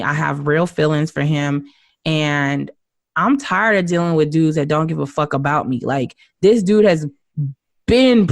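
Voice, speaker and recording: Gravelly young woman telling a story. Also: sits low, no room sound, clean studio sound. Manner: animated storyteller who acts out quotes with laughs. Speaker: guest's wife on a podcast. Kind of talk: casual storytelling chat.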